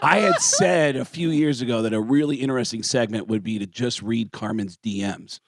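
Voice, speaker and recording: A man, a comedian guest in a radio studio, telling stories with lively character voices and big pitch swings. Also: normal speed, no room sound. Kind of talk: animated storytelling. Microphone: studio mic.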